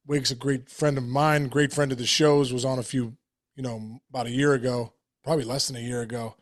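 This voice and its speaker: A man co-hosting a sports podcast, speaking in a heartfelt, halting way with many restarts. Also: medium pitch, no echo, clean studio sound. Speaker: podcast co-host. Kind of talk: casual chat.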